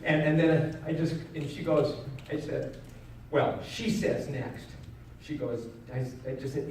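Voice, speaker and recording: A middle-aged man giving a motivational keynote, telling a personal story in an earnest way that moves from loud to hushed. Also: fairly high pitch, unhurried, slight background noise. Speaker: keynote speaker. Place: large event hall. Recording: echoey hall, mic at a distance.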